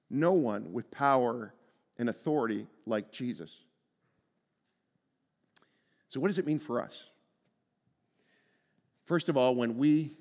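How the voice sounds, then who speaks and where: Earnest preacher in an echoing sanctuary. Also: male voice, medium pitch. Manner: earnest, swings from hushed to emphatic, repeats words when starting. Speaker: pastor. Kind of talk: sermon. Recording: long reverb from a large room.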